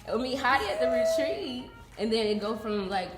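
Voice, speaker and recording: A woman's voice: on the high side, wildly swooping pitch, a little fast, reverberant, over loud music. A woman volunteer telling her story in a casual, slangy way, often laughing. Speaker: ministry volunteer.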